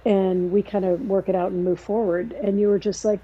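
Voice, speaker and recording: A middle-aged woman telling a family story in casual conversation, rambling and halting, acting out quoted dialogue. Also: medium pitch, flat delivery, narrow, tinny audio. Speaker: podcast guest, sister.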